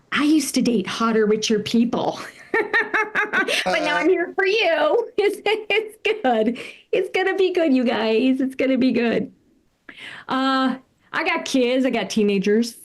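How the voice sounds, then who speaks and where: A woman's voice: high voice, animated, a little slow. A middle-aged woman from California doing a stand-up comedy set, chatting with the crowd and laughing at her own jokes.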